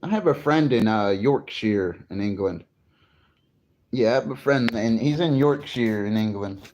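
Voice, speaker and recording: A man's voice: lowish voice, expressive, a little slow, darkish tone. A man from New Jersey chatting casually on a morning livestream, greeting viewers and swearing freely. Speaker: livestream host.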